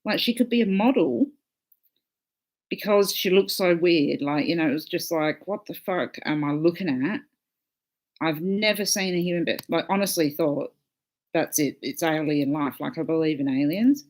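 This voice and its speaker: A woman's voice: low-pitched, moderate pace, a little mellow. A woman hosting a casual livestream, chatting with viewers in a loose, swearing, laughing way. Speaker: livestream host.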